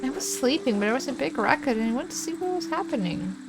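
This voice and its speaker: An earnest young apprentice boy, put on by a woman while reading a video game's dialogue aloud. He sounds high and startled, pitched above the reader's own voice. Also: big pitch swings, fast talker, heavy background noise.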